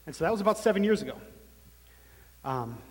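A man in his thirties giving a personal testimony sermon as a church planter, telling his story earnestly and haltingly. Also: high-pitched, very animated, darkish tone. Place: large meeting room. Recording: long hall reverb.

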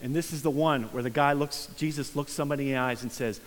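A man preaching a sermon as a pastor, reading scripture and talking it through earnestly, dropping to a hush for emphasis. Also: medium pitch, fast talker, slight background noise. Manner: earnest, conversational preaching with soft hushed emphasis. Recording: long reverb of a large room.

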